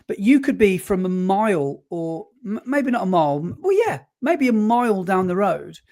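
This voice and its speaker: A man's voice: sits high, very animated, moderate pace, a little mellow. Rambling man. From West Midlands, England. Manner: rambling, stop-start, corrects himself often. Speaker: podcast co-host. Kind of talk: casual chat.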